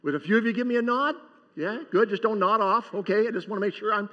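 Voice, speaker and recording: A man's voice: sits high, quick pace. A man preaching a sermon to his congregation, talking in a loose, joking way and often asking them for an amen. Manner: conversational and joking, asks the congregation for responses. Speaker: pastor. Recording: dull sound with long hall reverb.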